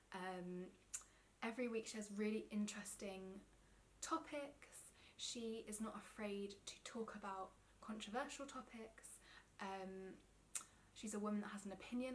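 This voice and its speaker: A woman's voice: medium pitch, a little hiss or hum. A young English woman chatting to camera about her favourite knitting vlogs, enthusiastic and full of ums and side notes. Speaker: knitting vlogger. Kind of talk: casual chat to camera.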